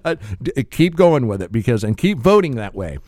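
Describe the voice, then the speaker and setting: A man co-hosting a casual podcast, talking in a deadpan, sardonic way and chuckling at his own jokes. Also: mid-range voice, moderate pace, dry recording, clean studio sound. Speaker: podcast co-host. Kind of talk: casual chat.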